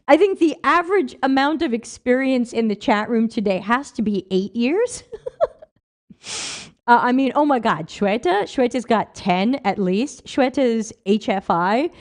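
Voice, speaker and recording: A woman's voice: fairly high pitch, darkish tone. A woman hosting a livestream, reading viewer comments aloud and answering them with emphatic rhetorical questions. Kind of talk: casual livestream talk.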